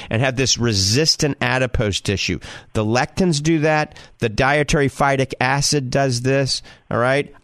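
A man's voice: medium pitch, fairly bright tone, no room sound, studio quality. Emphatic man with a New Orleans Cajun accent. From Louisiana. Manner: emphatic, instructive, repeats "all right?" and "okay?". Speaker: health show host. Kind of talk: call-in radio advice.

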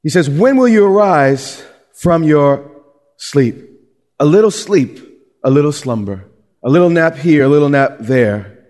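The speaker is a middle-aged pastor giving a sermon, lively and chatty, and he keeps restarting his sentences. His fairly high voice trails off with a long reverb tail.

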